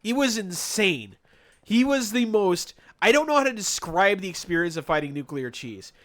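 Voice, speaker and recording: Man, live streamer, bright forward voice, somewhat high, animated sarcastic storytelling. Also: moderate pace. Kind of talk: casual stream chat while gaming.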